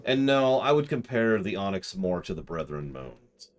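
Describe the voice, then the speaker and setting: Male streamer, deep and gravelly, swings his pitch widely, jokey commentary. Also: moderate pace, slight background noise. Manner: jokey, excitable, with mock disbelief. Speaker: streamer playing a video game. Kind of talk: casual live-stream commentary.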